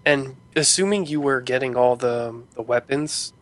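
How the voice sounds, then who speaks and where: A man's voice: mid-range voice, moderate pace. A man chatting casually in a group, rambling, loose and profane.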